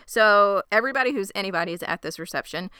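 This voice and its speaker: Bright, crisp woman recapping a show. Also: medium pitch, fast, no echo, clean studio sound. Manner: animated storytelling, acting out quotes. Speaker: podcast co-host. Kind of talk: casual recap chat.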